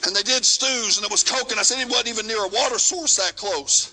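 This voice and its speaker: A man telling a missionary story in a sermon, folksy and animated, going from shouting to hushed. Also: high voice, fairly quick, rough recording. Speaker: missionary preacher. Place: church sanctuary.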